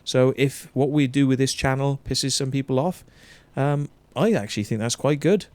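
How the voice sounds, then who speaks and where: A man's voice: mid-range voice, moderate pace, no room sound. Welsh guy hosting a stream, cursing a lot, dry close sound, mid voice. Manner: blunt, heavy swearing, animated ranting. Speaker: show host. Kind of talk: casual livestream chat.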